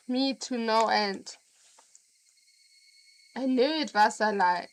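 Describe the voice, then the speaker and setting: A woman's voice: on the high side, rough recording. A woman with a German accent reading a visual novel aloud on stream and chatting with viewers. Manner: slow, deliberate reading with laughs and asides to chat.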